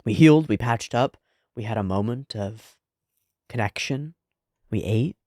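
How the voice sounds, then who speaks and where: A man's voice: medium pitch, unhurried, a little mellow, no room sound, clean studio sound. A man reacting to an anime episode, thinking aloud in a casual, reflective way and often saying "like". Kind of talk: casual analytical commentary.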